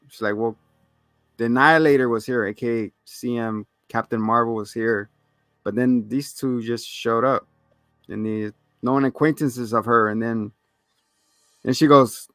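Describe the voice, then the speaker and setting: A man's voice: mid-range voice, steady tone, normal speed, fairly bright tone, no room sound, soft background music. A man co-hosting a casual movie review, retelling scenes with quoted lines and frequent laughs. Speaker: co-host.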